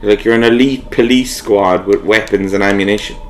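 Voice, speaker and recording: A man's voice: fairly low pitch, fairly even intonation, brisk, slight background noise. A man co-hosting a casual game playthrough, making sarcastic remarks and laughing often. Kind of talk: casual let's-play commentary.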